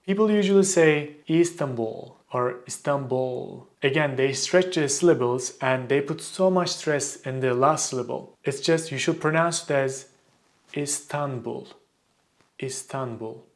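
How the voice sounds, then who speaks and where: A man teaching a pronunciation lesson, repeating words slowly and carefully for the learner. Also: a little high. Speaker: language teacher.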